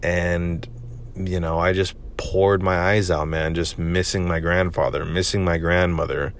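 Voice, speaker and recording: A man's voice: sits low, level tone, measured pace. A young man hosting a solo podcast, talking candidly and rambling, with lots of "man" and "you know". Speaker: podcast host. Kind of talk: solo confessional podcast monologue.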